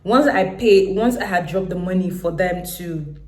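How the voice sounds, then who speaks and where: A woman's voice: lowish voice, moderate pace. Nigerian woman telling a story, echoey room. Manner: lively storyteller, laughs while telling. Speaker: business owner. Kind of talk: personal storytelling to camera.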